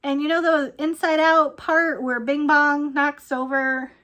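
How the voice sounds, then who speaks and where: A woman's voice: sits high, little pitch movement, measured pace, pushed and bright. A woman in her thirties ranting casually to camera, rambling and laughing often as she talks. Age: 30s. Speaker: vlogger.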